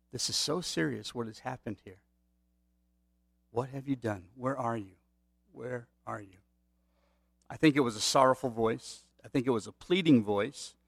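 A man's voice: medium pitch, no echo, studio quality. A middle-aged man preaching a sermon, telling stories in a conversational way with asides to the listeners. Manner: conversational, storytelling with asides to the audience. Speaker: pastor.

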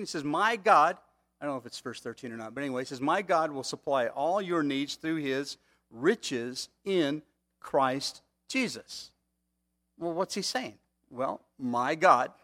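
Man, preaching, fairly high voice, chatty sermon, rhetorical questions. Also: fairly bright tone. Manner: conversational, rhetorical questions to the congregation. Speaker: pastor.

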